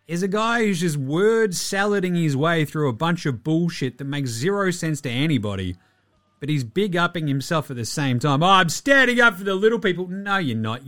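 An Australian man hosting a sports podcast, ranting in a profane, animated, mocking way. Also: fairly high pitch. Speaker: podcast host. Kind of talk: opinionated sports podcast rant.

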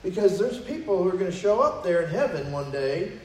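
A man's voice: sits high, very animated, a little fast, darkish tone. A man preaching a sermon in a conversational way, acting out quoted prayers and dialogue, recorded from a distance in a church. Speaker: pastor. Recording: roomy echo, mic from a distance, faint noise.

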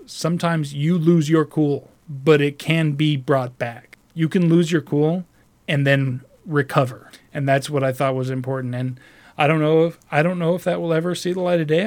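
Man, somewhat higher voice, casual profane storyteller; rambling, restarts often, animated. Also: vocal fry. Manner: animated, mimics other voices while retelling. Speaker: call center customer service agent.

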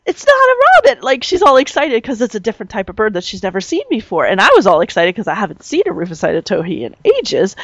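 A bubbly woman telling a casual story, her voice swinging up and down as she gets excited. She laughs often between phrases. The sound is close and dry, with no room around it. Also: mid-range voice, dry recording. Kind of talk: casual chat.

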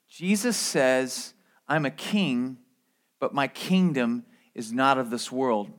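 A man's voice: medium pitch, expressive, slow pace. A man preaching a sermon as pastor, in a conversational way with asides and restarts.

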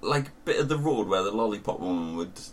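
A man's voice: lowish voice, expressive, brisk. A young man with a Northern English accent, a laid-back co-host in casual chat who laughs often. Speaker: podcast co-host. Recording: faint background noise.

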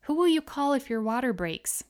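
A woman's voice: sits high, animated, moderate pace, a little mellow, clear, resonant tone, pitched above the performer's own voice. A woman narrator voicing her young husband, a caring and playful man.

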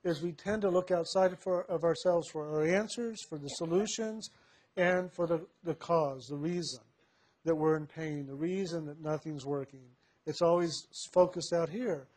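A man telling a personal story in a reflective, unhurried way, with soft laughs now and then. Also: fairly high pitch.

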